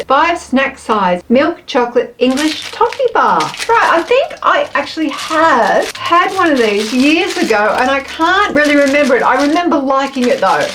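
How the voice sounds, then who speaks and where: Chatty, higher-pitched woman tasting snacks. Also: a little hiss or hum, poor audio. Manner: chatty, self-mocking, thinks aloud while eating. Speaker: snack taste-test vlogger. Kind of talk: casual chatty product review.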